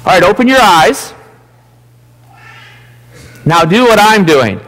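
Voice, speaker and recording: A man with an Upper Midwest American accent, leading a children's message in church and gently asking the kids playful questions. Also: high voice, sing-song, slow pace, slight background noise. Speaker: pastor giving a children's message. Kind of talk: children's sermon. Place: church sanctuary. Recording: long church hall reverb.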